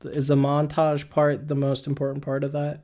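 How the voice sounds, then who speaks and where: A man hosting a podcast in relaxed back-and-forth conversation. He teases his co-host with dry, quick comebacks. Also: on the high side. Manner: wry, teasing, quick comebacks. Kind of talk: casual chat.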